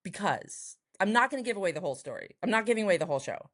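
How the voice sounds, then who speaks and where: A woman from Texas, a writer and performer, telling a personal story in an interview, acting out the voices of the people she quotes. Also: rapid-fire. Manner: lively, acts out quoted voices with big pitch jumps. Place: home in Los Angeles, noise next door.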